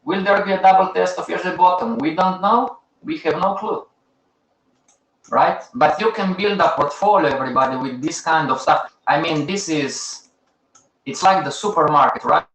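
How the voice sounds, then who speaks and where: A man's voice: on the high side, moderate pace, fairly bright tone, echoey room, low-quality recording. A man with as a hosting a live teaching session, talking to his audience in short, emphatic, repeated phrases and chiding them. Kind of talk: casual live-stream teaching.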